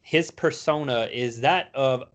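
A man co-hosting a casual podcast, swearing freely as he tells animated stories. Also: medium pitch, a little slow. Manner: profane, animated storytelling. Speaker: podcast co-host. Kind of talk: casual chat.

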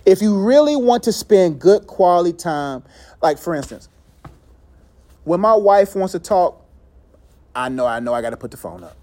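High-voiced animated man in casual talk. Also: normal speed, pauses often. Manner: animated storyteller who acts out quotes, laughs often; loose conversational phrasing with many "like"s. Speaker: faith talk leader. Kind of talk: casual faith talk with a group.

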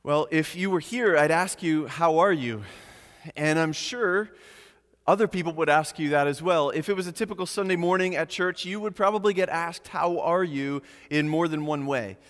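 A man preaching a sermon as pastor, earnest, slowing and softening on key phrases. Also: a little high, long reverb tail.

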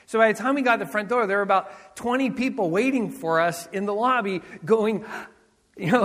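A middle-aged man, a senior pastor, preaching with personal stories, animated and acting out voices, laughing often. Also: high-pitched, moderate pace, long reverb tail. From Southern California.

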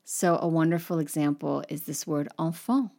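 A woman teaching French pronunciation to English speakers online, spelling words out letter by letter and slowing down to demonstrate. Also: deep voice, gravelly, warm tone. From English-speaking country.

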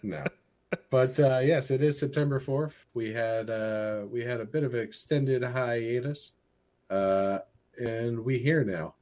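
A man co-hosting a casual podcast, trading dry, deadpan jokes. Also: medium pitch, unhurried. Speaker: podcast co-host.

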